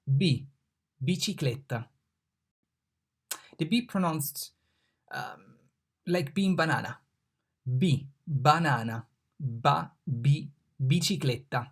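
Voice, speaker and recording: A teacher walks learners through letters and words in a slow, careful lesson. The voice is gravelly and husky, and each sound is repeated patiently. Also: medium pitch. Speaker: Italian language teacher. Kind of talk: online language lesson.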